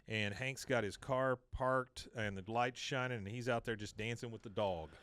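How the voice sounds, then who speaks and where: At a normal speed, a man with a mid-range voice hosts a podcast and gives a casual rundown of a cartoon episode. He performs the characters' dialogue in different voices as he retells it with energy. There's no room sound.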